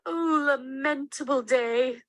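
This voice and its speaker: A man's voice: very high voice, takes it slowly, a bit bright, no echo, voice pushed up, exaggerated voice, rough recording. A man voicing an old female nurse in a play reading, who teases and then wails in grief. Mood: grieving. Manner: teasing, then wailing in alarm.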